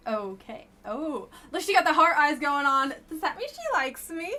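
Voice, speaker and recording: A woman's voice: high voice, sing-song, normal speed, pushed and bright. A woman streamer casually commenting on a dating game she plays live, with a blunt, wry and chatty manner.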